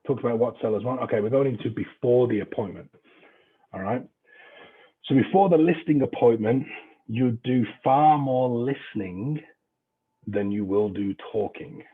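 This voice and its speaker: Husky Englishman teaching on a tinny call. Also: fairly low pitch. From England. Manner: chatty, informal, loose with swearing. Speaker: real estate trainer. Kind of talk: training class talk.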